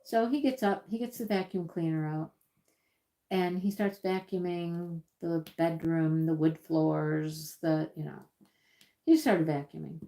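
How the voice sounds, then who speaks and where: Hosting a relaxed livestream from her home crafting table, a woman talks at a measured pace in a mellow, lowish voice. She rambles as she crafts and often says the same words again.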